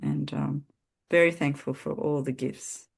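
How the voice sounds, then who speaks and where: A woman guest on a podcast, earnestly telling her personal story in a halting way with many restarts. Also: sits low, fairly even intonation, vocal fry, slightly rough. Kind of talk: personal testimony in conversation.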